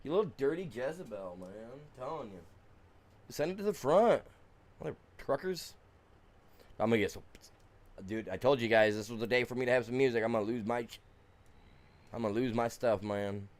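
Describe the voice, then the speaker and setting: A man's voice: mid-range voice, fast talker. A man streaming a farming game, chatting casually to viewers and grumbling and swearing at the game. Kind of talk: casual live-stream commentary.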